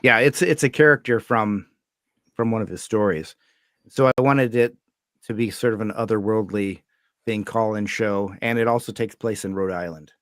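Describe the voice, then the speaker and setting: A man's voice: on the low side, moderate pace, a bit bright, no room sound, clean studio sound. A man hosting a casual livestream chat, rambling easily and laughing often. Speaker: storyteller, channel host.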